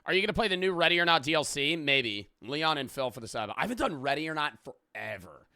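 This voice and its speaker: A man's voice: on the high side, very animated, fast talker, pushed and bright, no room sound, clean studio sound. A male streamer chatting casually on a live stream, rambling and swearing freely as he reads donations aloud.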